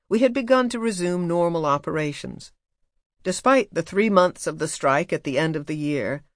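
Measured male audiobook narrator. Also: a little high, fairly bright tone, no room sound, studio quality. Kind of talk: scripted memoir narration.

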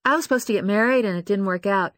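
A man's voice: high voice, fast talker, fairly bright tone, dry recording, studio quality, voice pushed up. A man voicing a young woman pilot who acts nervous and sheepish in an audiobook. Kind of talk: audiobook character voice.

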